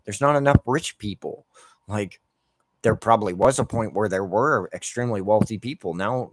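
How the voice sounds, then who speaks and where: A man's voice: on the low side, no echo. A man giving heated, profane rants over gameplay commentary, with lots of filler "like". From Canada. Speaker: gameplay streamer.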